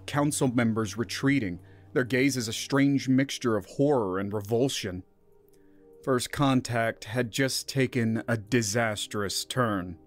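A man narrating a scripted science fiction story in a steady, even reading voice. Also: medium pitch.

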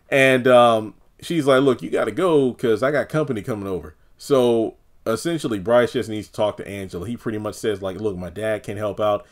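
A man giving a casual, opinionated recap of a TV episode, talking loosely with lots of fillers and acting out the characters' lines. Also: fairly low pitch. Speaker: TV episode reviewer.

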